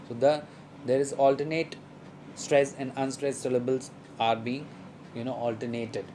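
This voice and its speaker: A man's voice: mid-range voice, little pitch movement, unhurried, mellow, a little hiss or hum, poor audio. A man teaching a lesson, explaining a poem at length with many fillers and restarts. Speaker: literature teacher.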